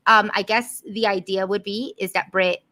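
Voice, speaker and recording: Bright-voiced talkative woman co-host. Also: medium pitch, flat delivery, normal speed, no room sound. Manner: talkative, many fillers, laughs easily. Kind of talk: casual chat.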